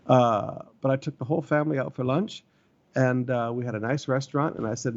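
A middle-aged man preaches to his church with earnest urgency, circling back to his key phrases. His voice carries a gravelly rasp at mid pitch. The recording sounds a little muffled and lo-fi. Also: fairly even intonation, a little fast. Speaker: pastor. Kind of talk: sermon.

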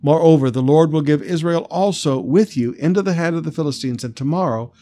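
A man reading the lines of a stern old male prophet's spirit gravely during a sermon, a little louder than his usual talk. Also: a little high, a little fast, natural voice.

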